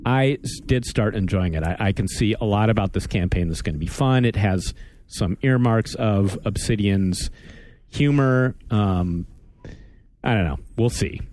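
A man's voice: lowish voice, measured pace, a little mellow, no room sound. A man hosting a casual gaming podcast, rambling and wry, often stopping and restarting his sentences. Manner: rambling, self-interrupting, wry. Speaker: podcast host. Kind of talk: casual chat.

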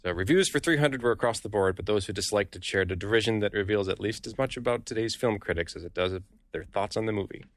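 Lowish guy on a podcast, reading stuff out loud, dead dry mic. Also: fast, dry recording. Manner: chatty, reads quotes aloud. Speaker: podcast co-host. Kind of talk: casual podcast chat.

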